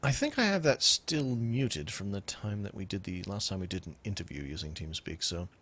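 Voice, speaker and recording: A man hosting a casual podcast from a home computer mic, talking in an animated way and laughing often. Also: low-pitched, normal speed. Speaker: podcast host.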